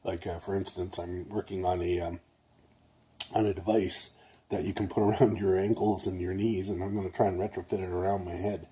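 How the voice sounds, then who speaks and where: A man's voice: low voice, level tone, brisk, mellow. An older man, a retired nurse, talking casually to camera in a rambling way, a little nasal and often checking in with "okay?". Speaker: vlogger.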